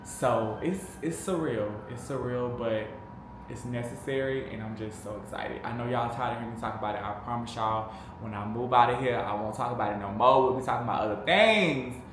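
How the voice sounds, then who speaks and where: A man's voice: medium pitch, brisk. A man vlogging casually to camera as a truck driver, chatty and sassy, calling viewers babes and honey. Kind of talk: casual vlog chat to camera. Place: small room, at home or in a truck cab. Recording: echoey room, faint background noise.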